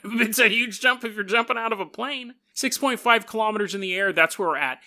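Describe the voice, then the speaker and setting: A man hosting a podcast, telling stories in a casual, joking way, laughing often and putting on quick voices for the people in them. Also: high-pitched, bright, forceful tone. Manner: laughs often mid-sentence. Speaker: podcast host. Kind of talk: casual storytelling monologue.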